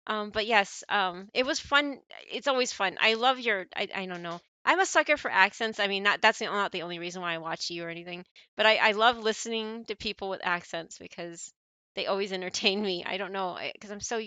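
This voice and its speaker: A woman's voice: mid-range voice, a little fast, pushed and bright, smooth, dry recording. An American woman streaming, chatting casually with her chat, laughing often and rambling with lots of fillers. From United States. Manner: giggly, rambling, apologetic, many fillers.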